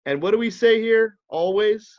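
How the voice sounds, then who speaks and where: A man's voice: sits high, moderate pace, lo-fi sound. A man co-hosting a casual chat show, teasing and ribbing his friend. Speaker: co-host.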